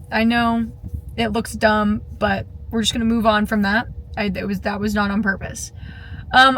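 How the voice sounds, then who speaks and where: A young woman talking candidly to camera in a casual vlog, profane and animated. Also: a little high, slight background noise. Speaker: vlogger training for a boxing match. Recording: echoey room.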